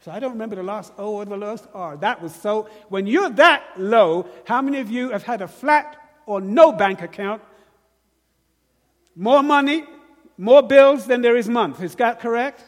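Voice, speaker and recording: A man's voice: sits high, lively intonation, moderate pace, big-room sound. A man with a British accent preaching a sermon, questioning the congregation and drawing call-and-response. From Britain.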